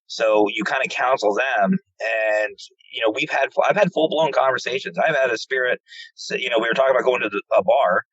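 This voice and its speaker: Husky man telling ghost stories. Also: mid-range voice, brisk, dry recording, muffled recording. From central Pennsylvania. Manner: animated, repeats words when starting, acts out quoted dialogue. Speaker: paranormal investigator, guest. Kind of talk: casual storytelling interview.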